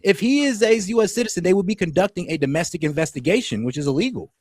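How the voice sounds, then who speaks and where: A measured man takes part in a political debate and is willing to give ground on a point. His voice is a little high. The sound is dry and close, with no room echo. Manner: measured, concedes points, tries to calm things down. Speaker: podcast co-host.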